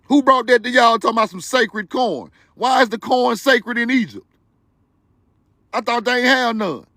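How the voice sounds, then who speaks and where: A man hosting a livestream, talking straight to his viewers in an animated, preachy, joking way with loud bursts of laughter. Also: very high voice, normal speed, no echo. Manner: talks to viewers directly. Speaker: livestream host. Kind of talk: excited livestream commentary.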